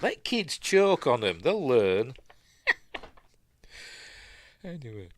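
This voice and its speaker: A man's voice: mid-range voice, very animated, a little slow, long pauses, no echo. A man with a Yorkshire accent hosting a casual live stream, rambling as he reads news and chat comments aloud and adds his own asides. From Yorkshire, England.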